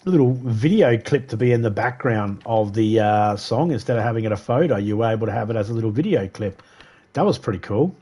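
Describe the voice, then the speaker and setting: A man's voice: lowish voice, expressive, a little fast, warm tone. Chatty man streaming a game. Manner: rambling, chatty, laughs often, talks to chat. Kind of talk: casual live-stream chat.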